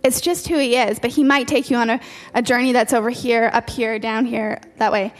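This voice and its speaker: A woman's voice: fairly high pitch, fairly even intonation, fairly quick. A woman preacher delivering an earnest sermon, repeating key phrases for emphasis. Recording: long hall reverb with faint music.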